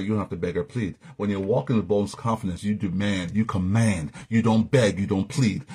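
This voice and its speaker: A man's voice: fairly low pitch, breathy edge. A man teaching a sermon as a Bible teacher, emphatic, repeating key phrases and asking the listener questions.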